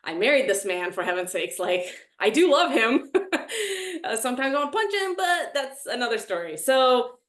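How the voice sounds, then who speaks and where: A woman in her thirties sharing her experience in a casual, animated, self-dramatizing way. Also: a little high, normal speed, reverberant. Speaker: reality show contestant. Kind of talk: casual group chat.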